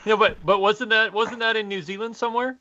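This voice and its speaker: A man's voice: sits high, fairly even intonation, fairly quick, highs cut off. A man on a casual panel chat, chiming in hesitantly and repeating words as he starts.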